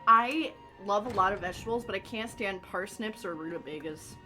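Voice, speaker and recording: A woman's voice: mid-range voice, a little fast, bright, forceful tone. A woman co-streaming a game, making crude jokes, giggling and giving blunt opinions. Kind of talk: casual let's-play banter. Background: game music.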